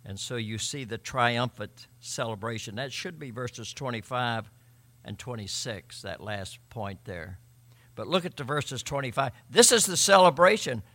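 A man preaching a sermon, emphatic, swinging between loud and quiet and often repeating words. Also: medium pitch, a little slow. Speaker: pastor.

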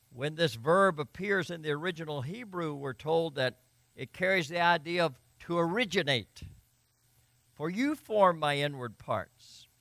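Male preacher, raised voice with a gravelly edge, forceful delivery, dry close sound. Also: fairly high pitch, no echo. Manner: preaching and reading scripture aloud with emphasis. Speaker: pastor. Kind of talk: sermon.

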